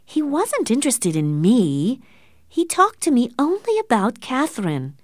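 A romantic, fond middle-aged aunt with an eager, gushing way of talking, pitched higher as a woman reads her in a storybook. The recording is close and dry, and her pitch moves a lot. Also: huge pitch swings, a little slow, no room sound, exaggerated voice.

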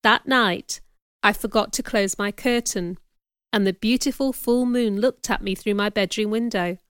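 A woman narrating a novel as an audiobook, measured and clear. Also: medium pitch, fairly bright tone, no room sound. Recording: dry, close studio recording.

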